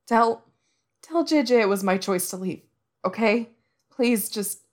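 A woman voicing a rattled young man in a fan-fiction audiobook, speaking in halting, broken-off phrases. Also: mid-range voice, fairly even intonation, darkish tone, lightly acted. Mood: pleading. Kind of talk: audiobook reading.

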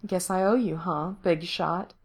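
A laid-back young woman who teases softly and takes her time, never in a hurry, as a female storyteller voices her. Her tone stays easy and close to a plain speaking voice. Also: a little slow, husky. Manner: laid-back, low-key and teasing. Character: relaxed, teasing young woman performer.

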